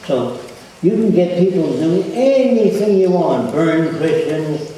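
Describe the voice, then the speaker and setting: A man's voice: high voice, expressive, unhurried, dark tone, slight background noise. A man giving a public lecture, blunt and provocative, often quizzing the audience with questions. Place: large lecture hall. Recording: echoey hall from far off.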